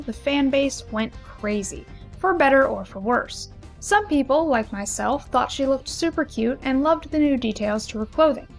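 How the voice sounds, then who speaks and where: High-voiced young woman, lively commentary. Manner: expressive, analytical, lively emphasis. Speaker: video commentator. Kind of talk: video essay commentary.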